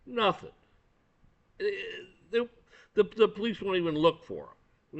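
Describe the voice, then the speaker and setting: This commentator has a high, slightly bright voice with lively intonation, speaking unhurriedly and pausing often. His opinion rant is blunt, profane and angry, with repeated words, captured on a dull lo-fi recording.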